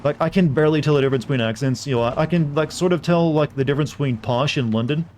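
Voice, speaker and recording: A man's voice: a little high, very fast, darkish tone, a little hiss or hum. A man with a Southern US accent, casually rambling and joking with viewers while playing a game. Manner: rambling, jokey, chatting with viewers. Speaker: streamer. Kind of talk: casual gameplay commentary.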